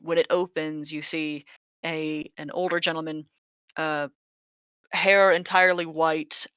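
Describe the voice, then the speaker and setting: A man narrating a tabletop game as game master, halting with many fillers. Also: on the high side, level tone, sharp tone, clear, resonant tone, dry recording. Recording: dull lo-fi mic.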